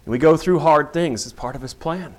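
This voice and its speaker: A man's voice: fairly high pitch, fairly quick. A middle-aged man, a police officer, telling a personal story in earnest and acting out the dialogue as a testimony of faith.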